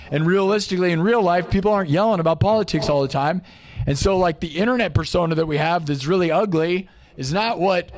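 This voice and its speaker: An American man hosting a live music stream, rambling in a casual, excitable rant full of "dude" that swings from low mumbles to loud bursts. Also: big-room sound. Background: faint looped music.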